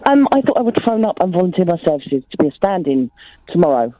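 A woman's voice: lowish voice, very animated, quick pace, no room sound. A woman calling in to a radio phone-in, chatty and agreeable. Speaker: caller. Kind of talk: phone-in call. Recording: dull phone line.

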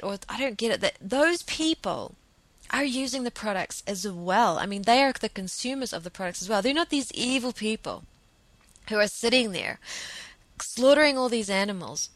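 Woman, mid-pitched, podcast host, earnest off-the-cuff monologue, dry close mic. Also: fairly bright tone, no room sound. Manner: earnest, repeats words while thinking aloud.

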